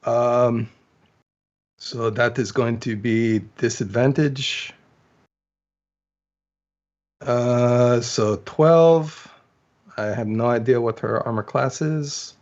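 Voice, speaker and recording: A man playing a tabletop game, narrating his character's moves hesitantly with many pauses. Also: mid-range voice, a little mellow, muffled recording. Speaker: player.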